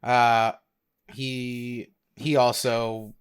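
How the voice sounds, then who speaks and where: A man's voice: mid-range voice, little pitch movement, drawn-out words, smooth. A young man co-hosting a podcast in casual chat, hesitant, often stammering and restarting his sentences. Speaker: podcast co-host.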